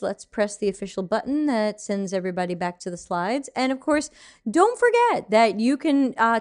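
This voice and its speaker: A woman hosting a live stream, chatting casually about writing and publishing, chatty and self-deprecating with frequent laughs. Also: mid-range voice. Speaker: podcast host and author.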